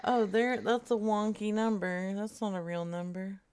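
A woman's voice: medium pitch, darkish tone, clear, resonant tone. A woman co-hosting a casual banter show, laughing often as she reads out listings. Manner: laughs often, slow drawl. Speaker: podcast co-host making prank calls.

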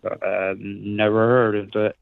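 A man's voice: lowish voice, level tone, takes it slowly, creaky. A man on a phone call, hesitant and insistent, full of fillers. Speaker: caller. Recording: tinny phone line.

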